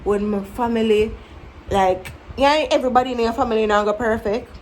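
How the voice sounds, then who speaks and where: A woman in her twenties with a Jamaican accent, talking candidly to camera about growing up, with animated storytelling. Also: fairly high pitch, a little fast, slight background noise, rough recording. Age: 20s. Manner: candid, animated, breaks into mimicking her younger self. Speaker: vlogger. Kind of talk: casual reflective storytelling to camera.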